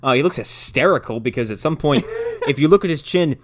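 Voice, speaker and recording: A man's voice: a little high, lively intonation. Casual, profane man recapping a movie. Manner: loose, profane, rambling recaps with quick put-on voices. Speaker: podcast co-host. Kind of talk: casual movie review chat.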